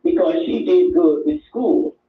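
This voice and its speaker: A woman's voice: mid-range voice, big pitch swings, a little slow, far from the mic, slight background noise. An older woman calling in to a show, talking with effusive emotion and repeating herself. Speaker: caller. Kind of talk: call-in chat. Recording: echoey tinny phone line.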